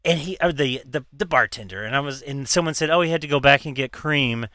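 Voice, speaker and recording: A man in casual chat, telling a story with quick, expressive reactions and frequent laughs. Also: mid-range voice, no room sound, clean studio sound.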